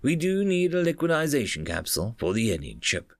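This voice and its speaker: A man's voice: fairly high pitch, huge pitch swings, a little fast, dry recording, faint music behind, voice pushed up. A man voicing a weary, dutiful starship captain who speaks formally. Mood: grave.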